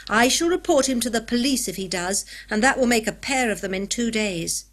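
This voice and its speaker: A woman's voice: a little high, lively intonation, a little fast. A woman voicing a sensible teenage boy who speaks in an earnest, proper way.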